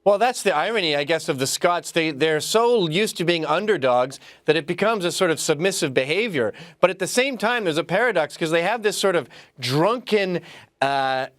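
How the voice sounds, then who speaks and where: Lively guy chatting and laughing a lot, high voice that jumps around, dry close sound. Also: moderate pace, no room sound. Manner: animated, boisterous, laughs often. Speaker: guest. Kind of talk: casual chat.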